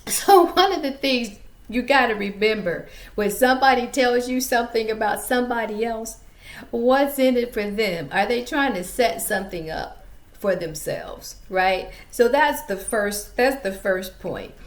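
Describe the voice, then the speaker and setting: A woman's voice: a little high, unhurried, reverberant. A woman author telling a casual story-time vlog, chatty and addressing viewers directly.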